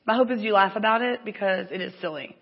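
A woman giving a sermon, telling a personal story with lively, acted-out inner thoughts. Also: mid-range voice, fast talker. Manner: animated storytelling, acts out her own inner voice. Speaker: church speaker. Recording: dull lo-fi recording with long hall reverb.

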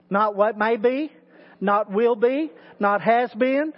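A man with a very high voice delivers a sermon as teaching pastor, leaning hard on repeated words as he builds emphasis. The sound is muffled, and long reverb trails each phrase. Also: a little slow. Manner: preaching with rising emphatic repetition.

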